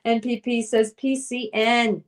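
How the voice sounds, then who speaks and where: A woman's voice: fairly high pitch, fairly even intonation, unhurried. A young woman hosting a trivia quiz on a live stream, chatting casually and reading out viewers' names and answers in a playful, sing-song way. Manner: chatty, reads chat names aloud, sing-song at times.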